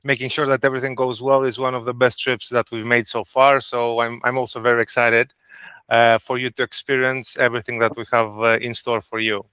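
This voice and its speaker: A man's voice: medium pitch, little pitch movement, a little fast, sharp tone, clean tone, dry recording. A man, a trip planner briefing clients on a video call, earnest and hesitant with fillers.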